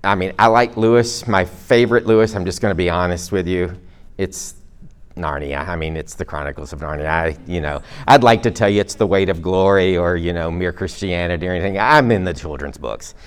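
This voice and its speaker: A man's voice: deep voice, brisk, clear, resonant tone. A middle-aged man preaching a sermon to a congregation in a conversational way, with self-deprecating jokes and asides. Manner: speaks to a live congregation.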